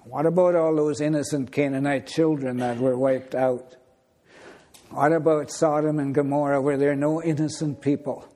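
A man preaching a sermon in a deliberate, unhurried storytelling manner. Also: a little high, fairly even intonation, warm tone.

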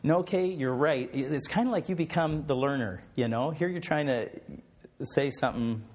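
A man's voice: medium pitch, animated, normal speed. A middle-aged man, a missionary pilot, tells a church about his mission work and then leads a closing prayer, hesitating often with fillers and restarts.

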